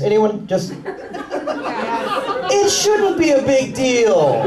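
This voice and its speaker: Animated high-voiced comedian in a club. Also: male voice. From Mexican family roots. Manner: animated, punchy delivery with quick put-on voices. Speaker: stand-up comedian. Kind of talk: stand-up comedy set. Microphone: handheld stage mic. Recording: roomy club sound with laughing crowd, taken from far off. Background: audience laughter.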